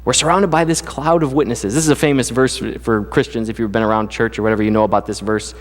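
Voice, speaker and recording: A man's voice: mid-range voice, steady tone, fast talker, long reverb tail. A man preaching a casual, conversational sermon as the pastor, telling jokey stories from his life. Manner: casual, joking storyteller. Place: church sanctuary.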